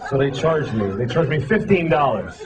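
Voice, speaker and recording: A man's voice: mid-range voice, expressive, normal speed. A man doing a stand-up comedy set on a club stage, exasperated and profane, mocking himself as he talks. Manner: exasperated, profane, self-deprecating. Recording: loud crowd laughter, live club noise. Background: crowd laughter.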